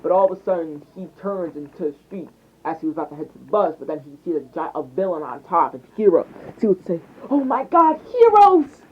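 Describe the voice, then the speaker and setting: A man's voice: a little high, quick pace, a little hiss or hum. A young man narrating an improvised fan story, rambling and hesitant with frequent restarts, over a tinny phone mic.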